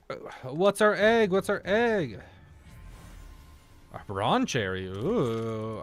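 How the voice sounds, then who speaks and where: American dude doing a lets play, just rambling about whatever, talks to his game pets. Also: on the low side. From United States. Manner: rambling, chatty musings while talking to game characters. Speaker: gaming video creator. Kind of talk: casual let's-play commentary.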